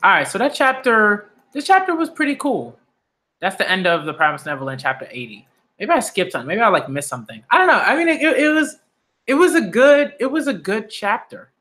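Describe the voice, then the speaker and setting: A man reviewing a manga chapter live, excitable and hyped, using casual slang and often repeating himself as he searches for words. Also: sits high, a little fast. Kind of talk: live manga reading and reaction.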